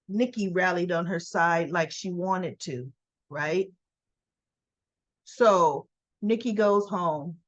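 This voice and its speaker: Slow-talking woman recapping soap scenes. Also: fairly low pitch, dull audio. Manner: animated storyteller, quotes characters in dialogue, opinionated asides. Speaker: soap opera recap host. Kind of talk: casual recap retelling scenes.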